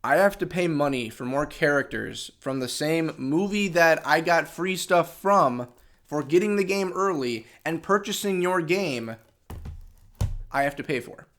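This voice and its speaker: A man's voice: fairly high pitch, lively intonation, a little slow, fairly bright tone. A man hosting a gaming channel, ranting in an unscripted vlog, frustrated and sarcastic, and losing his voice. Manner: frustrated and sarcastic, with many restarts.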